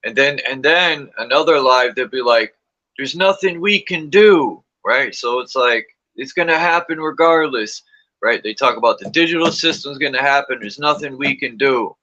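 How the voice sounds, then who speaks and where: A man's voice: medium pitch, normal speed, sharp tone. A man hosting a casual livestream, telling stories and acting out quotes from people with sudden jumps in his voice. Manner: storytelling, acts out quotes with big voice jumps, swears. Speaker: livestream host. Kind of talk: casual chat. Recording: muffled livestream audio.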